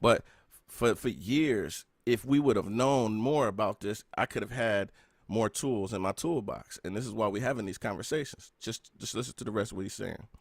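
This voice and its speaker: A man's voice: fairly low pitch, normal speed, slightly rough, no echo, clean studio sound. A man in his thirties hosting a podcast, earnestly telling a personal story and often checking in with "right?". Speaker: podcast host.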